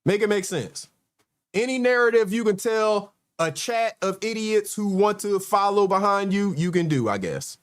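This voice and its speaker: Man, host, sarcastic commentary, exasperated, high voice. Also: lively intonation, moderate pace. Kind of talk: livestream commentary.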